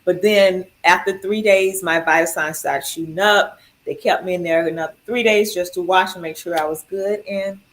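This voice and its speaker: A woman telling her health story in casual chat, animated and laughing, acting out quoted dialogue. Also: fairly low pitch. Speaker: cancer survivor sharing her story.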